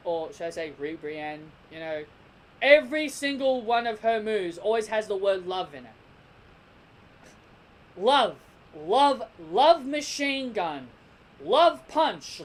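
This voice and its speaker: A man's voice: sits high, rough recording. Rambling young-sounding male reviewer. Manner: rambling, with many restarts and repeated "and". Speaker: episode reviewer. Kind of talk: casual spoken review.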